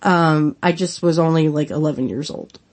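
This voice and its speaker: A woman's voice: sits low, fairly even intonation, normal speed, a little mellow. A woman in her thirties hosting a podcast, chatting casually on her own with lots of giggles and filler words. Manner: giggly, rambling, many fillers. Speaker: podcast host. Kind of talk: casual solo commentary.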